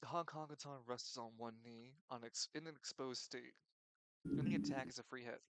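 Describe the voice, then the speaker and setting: A young man narrating a tabletop game as game master, animated, swinging between loud and quiet and stumbling over his words. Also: mid-range voice, moderate pace, clean tone, dry recording, rough recording.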